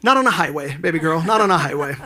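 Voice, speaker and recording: A man performs a stand-up set at a live event lounge. His voice sits high and rings bright. He tells his stories animatedly and acts out the quotes. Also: fast talker. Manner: animated storytelling, acting out quotes with sudden jumps in pitch. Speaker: stand-up comedian.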